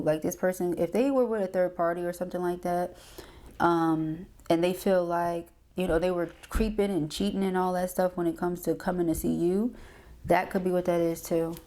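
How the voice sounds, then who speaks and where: A woman's voice: lowish voice, dark tone. A woman doing a casual tarot reading, chatty and slangy, often checking in with "okay?". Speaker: tarot reader.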